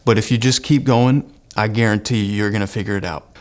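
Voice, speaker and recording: A man's voice: lowish voice, steady tone, a little fast. A man, teaching an online singing lesson in an earnest, encouraging way. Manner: earnest, encouraging, breaks into sung exercise demos. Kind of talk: online vocal lesson with sung demonstrations.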